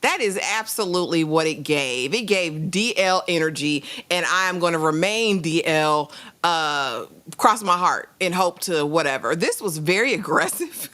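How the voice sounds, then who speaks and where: A woman's voice: on the low side, lively intonation, normal speed, a bit bright. A woman co-hosting a casual TV review chat, amused and incredulous. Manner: amused, incredulous, laughing asides. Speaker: co-host reviewing a TV drama.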